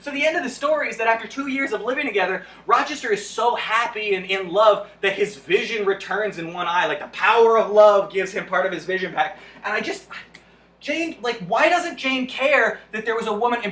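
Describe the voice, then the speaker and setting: A sarcastic man tears through a book summary at a breakneck clip, his voice bright and forceful. He sounds exasperated and swears freely. The room around him gives it an echoey ring. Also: high voice, a little fast. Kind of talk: fast comedic book summary.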